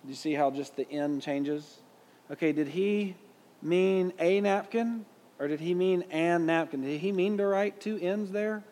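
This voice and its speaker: A man's voice: high voice, normal speed, mellow, big-room sound. A man with a Southern US accent teaching a Bible class in a conversational way, putting questions to his listeners. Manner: conversational, asks the audience questions.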